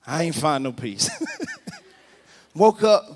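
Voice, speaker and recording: Brief: male preacher, high voice, animated story-sermon with shouted peaks, long church reverb. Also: slow pace. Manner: animated, swings to shouting, addresses the congregation directly. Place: large church sanctuary.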